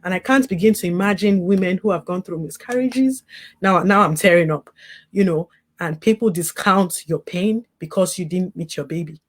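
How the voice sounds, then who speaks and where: A woman with a fairly low voice speaks at normal speed as an interview guest. A grief recovery specialist, she talks candidly about losing her baby, earnest and reflective, often adding "you know."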